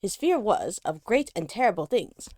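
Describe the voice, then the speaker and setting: A woman reading aloud as a kind, devout elderly nun, slightly halting. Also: mid-range voice, very animated, a little mellow, slightly rough, no echo, clean studio sound. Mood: gentle. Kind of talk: reading aloud in a book club.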